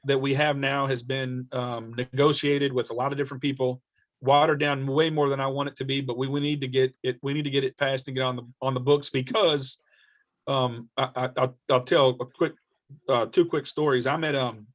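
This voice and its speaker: A man who serves as a state representative, answering questions on a video call and telling stories earnestly, with many restarts. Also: mid-range voice.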